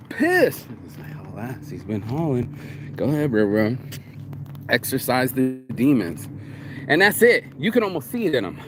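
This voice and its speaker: A man's voice: sits high, fairly bright tone, slight background noise. A man vlogging in a casual, rambling monologue, profane and streetwise, calling the listener bro. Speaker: vlogger and shirt designer.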